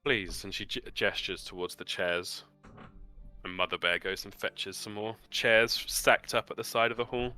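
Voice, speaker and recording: A man narrating as game master, lively and laughing, voicing the characters himself. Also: lowish voice, normal speed, clean tone, soft background music.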